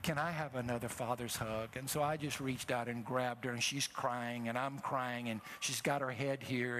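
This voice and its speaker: A middle-aged man preaching a sermon, telling a personal story with emotion and rising to loud exhortations. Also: mid-range voice, slight background noise. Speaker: traveling preacher.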